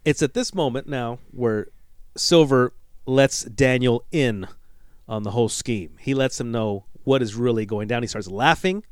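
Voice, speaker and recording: A man co-hosting a podcast, recapping film scenes in an animated storytelling way and laughing at himself. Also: medium pitch, a little slow, clean tone, no room sound, clean studio sound. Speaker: podcast co-host. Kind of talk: casual podcast movie breakdown.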